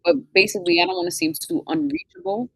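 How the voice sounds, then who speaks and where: A woman with a gravelly edge to her voice, hosting a casual live conversation as a financial coach. Her pitch moves freely up and down while she talks things through, pausing to search for the right words. The sound is dry and close. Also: very animated, dry recording, low-quality recording. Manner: thoughtful, searching for words with many fillers.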